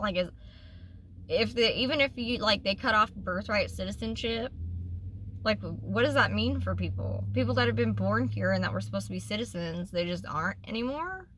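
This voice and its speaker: A woman talks straight to her viewers in a candid vlog. Her voice is bright and tense, and she rambles earnestly, full of ums and restarts. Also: mid-range voice, normal speed, slight background noise. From Oklahoma. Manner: rambling, earnest, with frequent fillers. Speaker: vlogger.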